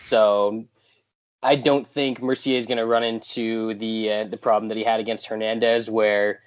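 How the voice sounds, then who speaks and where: A man co-hosting a podcast, giving quick, casual fight picks and often repeating words. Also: lowish voice. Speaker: podcast co-host. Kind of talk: casual betting chat. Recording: dull lo-fi audio.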